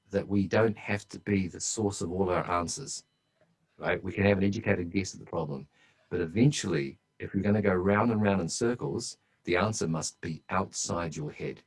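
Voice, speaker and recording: A man's voice: fairly low pitch, normal speed, rough recording. A man speaking as a guest on a podcast interview, telling stories in a chatty, enthusiastic way.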